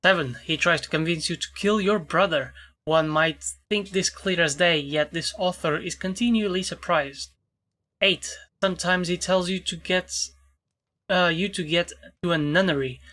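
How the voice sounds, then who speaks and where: A man's voice: sits high, normal speed, bright, forceful tone. A man playing a video game, reading its text aloud with frequent stumbles and self-corrections. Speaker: let's play commentator.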